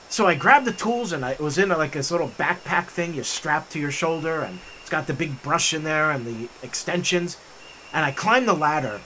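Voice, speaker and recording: A man with a high, bright voice tells a story with animated enthusiasm while he hikes. The recording is outdoors, with faint background ambience behind him. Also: slight background noise. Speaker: vlog host. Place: forest trail outdoors.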